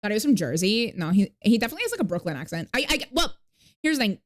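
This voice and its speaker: A woman streamer with a medium-pitched, sing-song voice chats casually with her viewers at a rapid-fire clip. She's not from New York, rambles with plenty of fillers, swears freely, and pauses to thank new followers during this laid-back live-stream chat.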